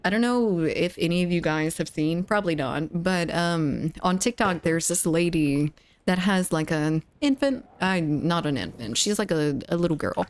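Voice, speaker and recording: A woman's voice: lowish voice, lively intonation, normal speed. A woman streaming a game, chatting casually and giggling as she reads chat aloud.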